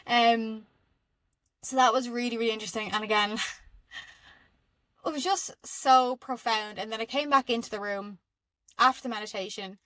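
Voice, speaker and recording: Young irish woman rambling excitedly on her podcast, bit of a higher voice, dry recording. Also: unhurried, pauses often, no room sound. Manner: excitable and rambling, laughs often, many fillers. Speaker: podcast host. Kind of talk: casual spiritual storytelling monologue.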